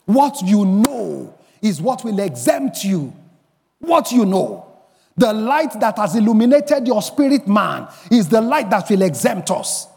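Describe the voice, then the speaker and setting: A man preaching a sermon as pastor, emphatic, rising to shouts and bursts of song. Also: sits high, big pitch swings, unhurried, gravelly, big-room sound. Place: church.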